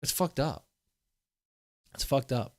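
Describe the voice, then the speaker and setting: A man rambles through casual commentary in a dry, close-miked voice. His tone is profane and loose, and he stumbles and restarts mid-sentence. His pitch sits mid-range for a man. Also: slow pace, darkish tone, dry recording. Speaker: commentary streamer.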